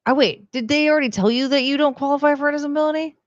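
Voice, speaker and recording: A woman's voice: sits high, very fast, no room sound, muffled recording. A woman streaming from home into a desk mic, chatting casually and rambling with lots of "like" and "um". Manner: rambling, heavy use of "like" and "um". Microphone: desk microphone.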